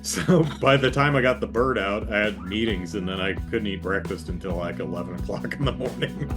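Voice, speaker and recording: Lower-voiced man telling a rambling story. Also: brisk, music in the background. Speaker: host. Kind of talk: casual chat.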